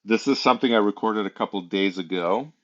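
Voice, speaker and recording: A man hosts a casual livestream in a low voice at a fairly quick pace, rambling and chatty, laughing often and using many fillers. The recording has a dull lo-fi sound.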